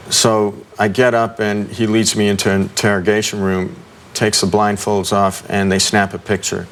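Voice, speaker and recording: A low-pitched middle-aged man tells an interviewer about an ordeal, pausing often with ums and restarting his sentences. A faint hiss of noise sits under his voice. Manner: halting, with many ums and restarts. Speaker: interview guest.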